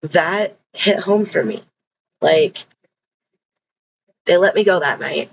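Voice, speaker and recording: A woman's voice: fairly low pitch, slow, vocal fry, lo-fi sound, a little hiss or hum. A woman telling her own story in a casual, blunt and emphatic way, swearing freely.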